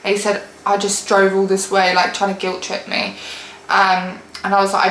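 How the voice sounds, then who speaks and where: A young woman telling a storytime vlog story in an animated, exasperated way and laughing often. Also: medium pitch, moderate pace, creaky, roomy sound, slight background noise, low-quality recording. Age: young adult. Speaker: vlogger.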